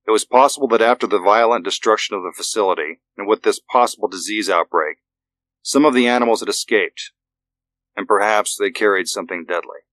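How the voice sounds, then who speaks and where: Low-voiced male audiobook narrator. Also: fairly quick, fairly bright tone, no room sound.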